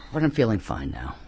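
Deadpan rambling man hosting a comedy show. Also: mid-range voice, slightly rough. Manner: deadpan absurd tangents, self-mocking, many restarts. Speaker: call-in radio show host. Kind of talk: rambling comic monologue.

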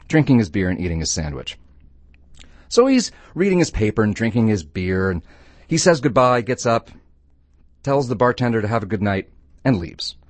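A man hosting a call-in radio show who tells jokes in a playful, animated way. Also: lowish voice, no room sound. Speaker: radio host.

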